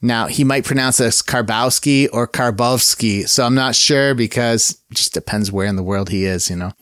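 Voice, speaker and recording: A man's voice: medium pitch, level tone, a little fast, a bit bright, no echo, studio quality. Rambling, upbeat male podcast host. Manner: rambling and upbeat, with many fillers and self-corrections. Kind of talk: casual solo podcast chat.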